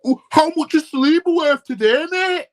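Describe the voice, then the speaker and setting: A man voicing a mocking caricature of a football fan who keeps asking what players are worth, in a shrill, taunting tone that laughs through the words. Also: moderate pace.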